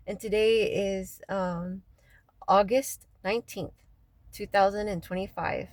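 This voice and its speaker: A woman, crying as she vents in a raw, profane personal rant, her voice often sinking low and quiet. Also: steady tone, measured pace, no room sound, poor audio. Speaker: local resident venting after a city meeting. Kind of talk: emotional personal vlog rant.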